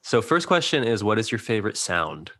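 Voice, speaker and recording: Low-pitched guy hosting a chill interview, kinda rambly and hesitant, laughs a lot. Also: big pitch swings, brisk, sharp tone. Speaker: podcast host. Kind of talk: casual interview.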